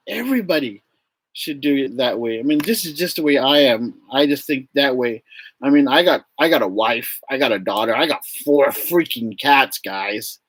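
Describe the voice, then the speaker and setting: A man chatting casually on a live stream about teaching English in Japan, acting out classroom exchanges in lively bursts. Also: dry recording. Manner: animated, acts out classroom exchanges with big pitch jumps.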